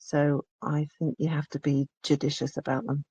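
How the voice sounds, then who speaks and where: A woman's voice: sits low, level tone, moderate pace, warm tone, breathy edge, no room sound, lo-fi sound. A woman audiobook narrator from England, telling her story in a chatty, reflective interview. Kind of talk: casual interview conversation.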